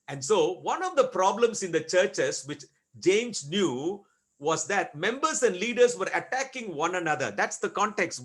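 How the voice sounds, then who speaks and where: A pastor with a high, fairly bright voice preaches a sermon, posing rhetorical questions and repeating key words with slow, deliberate emphasis.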